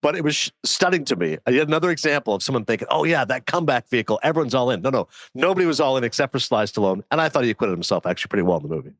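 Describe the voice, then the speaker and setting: Middle-aged male guest from Canada, fast and lively, voices the quotes, dry close mic. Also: mid-range voice, no room sound. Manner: quick anecdotes with acted-out quotes. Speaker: guest, film and sports commentator. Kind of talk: casual chat.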